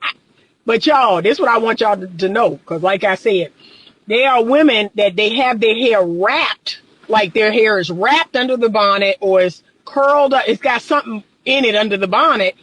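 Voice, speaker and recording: A woman's voice: a little high, normal speed, no room sound, low-quality recording. Exasperated woman coach, dry sound. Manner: emphatic, exasperated rhetorical questions; animated, laughs often. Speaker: relationship coach. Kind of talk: livestream commentary reading viewer comments.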